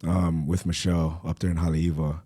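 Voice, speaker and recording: Laid-back low-voiced podcast host. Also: male voice, a little fast, breathy edge. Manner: laid-back, slangy, animated when quoting people. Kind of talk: casual interview chat.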